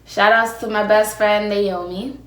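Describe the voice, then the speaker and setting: Speaking a little slowly in a mid-range voice with fairly even intonation, this young woman runs a solo podcast. She snacks as she tells her stories, brash, casual and full of swearing. Her phone camera and ring light pick up a roomy echo.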